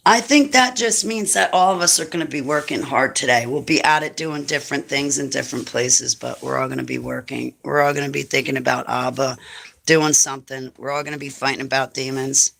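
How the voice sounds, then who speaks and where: Speaking fairly quickly in a rumbling low, gravelly voice with a fairly bright tone, a female livestream host chats bluntly and casually with her audience. She hops between topics and chuckles a lot.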